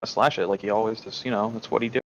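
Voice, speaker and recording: A man's voice: lowish voice, steady tone, fast, highs cut off. A man playing in a tabletop game, casual and jokey. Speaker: player.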